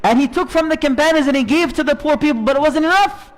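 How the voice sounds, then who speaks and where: A man preaching a sermon, telling a story in an animated, conversational way. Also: very high voice, quick pace.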